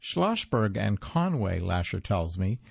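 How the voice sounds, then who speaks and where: Guy in his 50s reading his own book, deadpan jokes, gravelly husky voice, dull dry lo-fi sound. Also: lowish voice, slow, dry recording. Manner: wry, deadpan humor. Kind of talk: first-person memoir narration.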